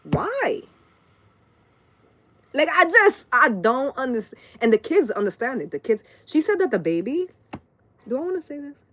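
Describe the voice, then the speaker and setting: A woman's voice: sits high, sing-song, a little slow, pauses often, a bit bright. A woman in her late thirties, a tarot reader ranting casually and profanely on a live stream, wandering from story to story. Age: late 30s.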